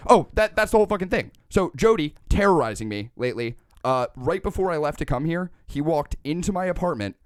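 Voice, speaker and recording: A young man co-hosting a casual comedy podcast, telling stories in an excitable, profane way. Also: a little high, a little fast, few pauses, dry recording, studio quality. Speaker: podcast co-host.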